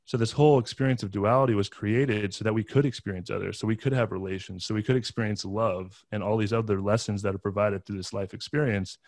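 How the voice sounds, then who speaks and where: A man's voice: fairly low pitch, steady tone, fast, few pauses, a little mellow, no echo. A man talking as a podcast guest, earnestly telling a personal story with frequent restarts and fillers.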